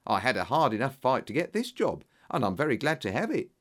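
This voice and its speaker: An earnest young clerk, modest and a little taken aback, as a male narrator reads him, with a voice that swings widely in pitch. The delivery is plain and sincere, in a storybook telling. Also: big pitch swings, brisk, a bit bright. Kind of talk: audiobook character voice.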